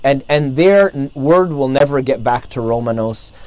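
A man's voice: medium pitch, lively intonation, moderate pace, a little mellow, dry recording. A man casually retelling a saint's life, rambling, with many fillers and restarts. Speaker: storyteller.

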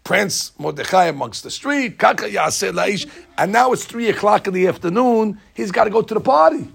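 A man giving a lively, jokey storytelling lesson as a religious teacher. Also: high voice, moderate pace, gravelly, breathy edge. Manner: lively, jokey, acts out scenes.

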